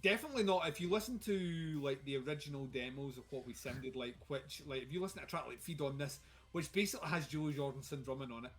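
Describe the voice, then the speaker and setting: A man's voice: mid-range voice, quick pace, fairly bright tone, soft background music. A Scottish man co-hosting a livestream, talking casually in a wry, rambling way with lots of fillers. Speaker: podcast co-host. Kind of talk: casual chat.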